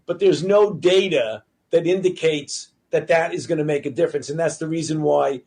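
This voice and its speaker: A man giving a measured public health explanation, hedging with fillers. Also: fairly high pitch, a little mellow, husky. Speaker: public health official in an archive clip.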